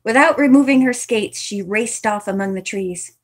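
A woman's voice: medium pitch, moderate pace. A woman reading a novel aloud in a casual way, with chatty asides between passages. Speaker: reader.

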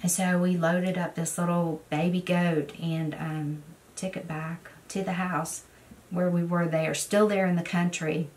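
A woman vlogger in casual chat, her voice sitting fairly low for a woman. She rambles through stories with plenty of fillers and restarts, heard from a slightly distant mic. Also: flat delivery, unhurried, a little mellow. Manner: rambling storyteller, many fillers. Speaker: beauty vlogger. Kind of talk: casual get-ready-with-me chat.

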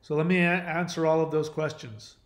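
Man, higher voice, earnest confiding talk, restarts often, echoey room. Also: fairly even intonation, brisk. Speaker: channel host. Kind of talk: casual personal talk to camera.

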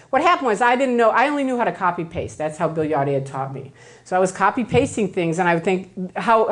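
Brief: woman speaker, lively first-person storytelling talk, mid-range pitch, acts out quotes, keeps checking in with "right?". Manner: animated, acts out quoted voices, tags lines with "right?". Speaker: speaker giving a public talk.

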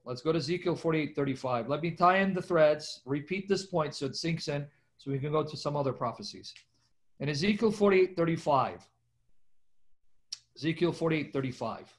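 Animated man teaching a Bible class. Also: on the high side. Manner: animated, emphatic, talks to viewers as "guys". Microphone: video call microphone.

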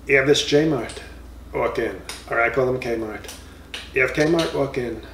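A man's voice: mid-range voice, a little slow, gravelly, a bit bright, a little hiss or hum. Man impersonating a bragging former president, rambling and mocking, distant mic, roomy room. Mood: boastful. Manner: boastful, rambling, insulting nicknames. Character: comic impression of a blustering former male president. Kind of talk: comedy impression monologue.

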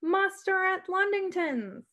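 A woman's voice: very high voice, expressive, slow, voice pushed up, full character voice. A woman voicing a brave teenage girl on horseback, calling out an urgent alarm in a storybook read-aloud. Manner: urgent, shouting calls.

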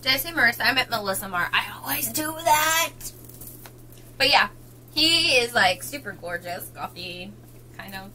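A woman chatting casually with friends about books, making quiet trailing remarks and giggling. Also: on the high side, expressive, normal speed, a little hiss or hum, low-quality recording. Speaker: co-host of book vlog. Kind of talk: casual chat among friends.

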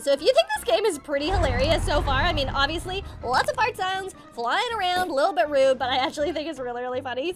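Bubbly high-voiced woman gaming. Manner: bubbly, squealing, gasps often. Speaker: gaming channel host. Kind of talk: excited gameplay commentary. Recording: game music playing behind.

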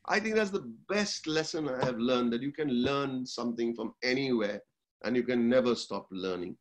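Man, 60s, motivational speaker, animated storyteller. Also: mid-range voice, normal speed. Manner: animated storytelling, acts out the voices in his anecdotes. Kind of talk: online talk to an audience.

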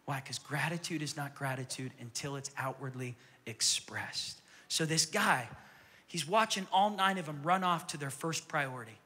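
A male pastor preaching a sermon in a church with energetic, repetitive phrasing that sometimes drops to a whisper. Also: fairly high pitch, normal speed, long reverb tail. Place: church sanctuary.

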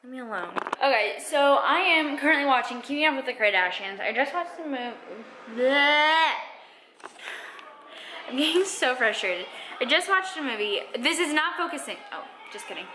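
A woman's voice: high-pitched, lively intonation, brisk, bright, forceful tone, slight background noise, rough recording. A young woman vlogging in a casual, rambling, self-deprecating way, sounding tired and drained. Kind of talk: casual vlog chat. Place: car and home.

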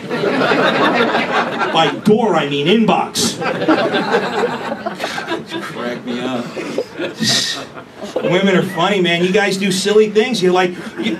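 A man doing a crude, brash stand-up comedy set, recorded on a distant mic with room noise. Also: sits high. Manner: brash, crude, punchy delivery.

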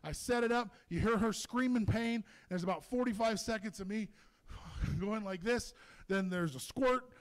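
A man performing a stand-up comedy set in a comedy club, telling stories in an animated, profane way. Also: sits high, moderate pace.

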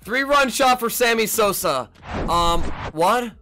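Man, young adult, gameplay commentary, trash-talking, animated pitch, faint music. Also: moderate pace. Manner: excitable, trash-talking, jumps between mutters and yells. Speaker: gaming YouTuber.

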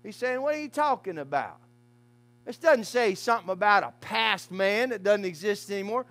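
A man preaching a fiery funeral sermon as pastor in a church, swinging from hushed asides to shouted lines. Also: high-pitched, lively intonation, normal speed.

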